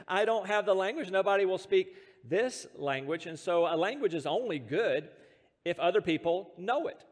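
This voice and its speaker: A man's voice: high-pitched, expressive, moderate pace, long reverb tail. An American man preaching a sermon, explaining scripture and telling stories with self-deprecating humor and the odd chuckle. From United States. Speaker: pastor.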